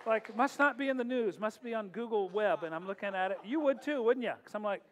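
Middle-aged man, pastor host, high-pitched, casual and joking, echoey church with faint music. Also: lively intonation, quick pace, hardly any pauses, fairly bright tone. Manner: joking, chatty, laughs often. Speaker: pastor hosting a worship night. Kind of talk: casual humorous talk and prayer. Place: church sanctuary. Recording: long hall reverb, faint music.

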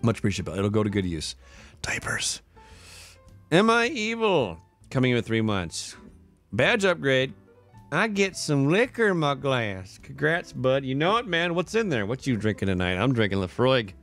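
A worn-out but cheerful man rattles off thanks to his subscribers in a loose, chatty live stream, laughing often. His mid-range voice is fairly bright and swings widely in pitch, and faint music plays low behind him.

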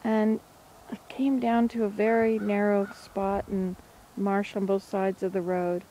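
A woman's voice: medium pitch, little pitch movement, a little slow, dark tone, slight background noise, low-quality recording. A woman vlogging outdoors by a marsh, chatting in a rambling, thinking-aloud way. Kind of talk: casual outdoor vlog chat.

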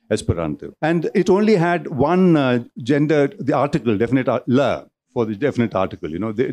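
A man's voice: medium pitch, a little mellow. A man giving a public lecture in a hall, discursive, often restarting and repeating words as he goes. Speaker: speaker at a cultural centre talk.

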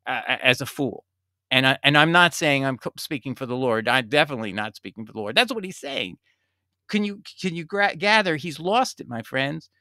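A man delivers bible commentary in a bright, forceful voice pitched a little high. He reads scripture slowly, then argues with emphatic conviction. The sound is dry and close, with no room echo. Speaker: religious commentator.

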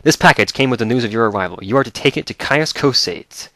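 A man's voice: mid-range voice, expressive, quick pace, fairly bright tone, dry recording. A man reading aloud the lines of a formal imperial captain who greets a freed prisoner in a video game.

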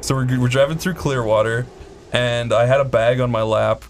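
A man hosts a gaming show and tells a long, rambling story at a mid pitch. He fills his talk with "like" and keeps restarting his sentences as he plays. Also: fairly even intonation, normal speed, a little hiss or hum. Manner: rambling anecdote with many fillers and restarts. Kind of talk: casual storytelling over gameplay.

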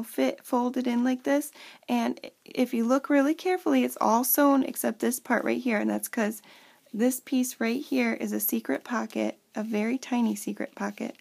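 A woman's voice: fairly high pitch, gravelly. A woman in her thirties at home, casually showing off a handmade journal in a chatty way with lots of fillers. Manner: chatty, lots of fillers, talks to kids off camera. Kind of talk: casual show-and-tell.

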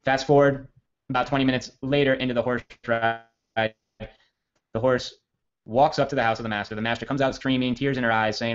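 A man giving a casual copywriting training, telling a long story in a rambling, self-correcting, energetic way. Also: medium pitch, brisk, clean tone. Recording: dull lo-fi audio.

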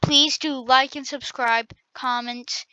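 A woman giving excitable, trash-talking commentary while playing a game on her channel. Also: high voice, slow pace, clear, resonant tone, no echo. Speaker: gaming channel host. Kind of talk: gameplay commentary. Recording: dull lo-fi recording.

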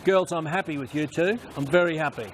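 A man coaching swimmers at a pool, calling out short repeated instructions and quick praise. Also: fairly high pitch, slight background noise. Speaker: swim coach. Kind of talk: poolside coaching commands.

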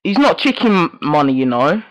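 Excitable young gamer man. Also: fairly high pitch, normal speed, dry recording, highs cut off. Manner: excitable, yelling reactions at the match. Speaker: gaming YouTuber. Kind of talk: live gameplay commentary.

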